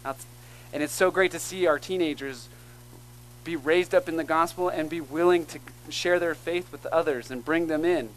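A man delivering an earnest, emphatic sermon. His voice sits a bit high for a man, with a faint hum behind it. He checks in with his listeners as he builds each point. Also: normal speed, a bit bright, poor audio. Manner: earnest, emphatic preaching with call-and-response asides. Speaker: pastor.

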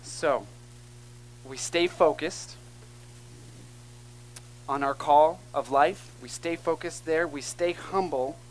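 Speaking slowly with long pauses, a male pastor delivers an earnest, emphatic sermon, breaking into call-and-response with his congregation between points. His voice is a little high. The audio is low quality, with slight background noise.

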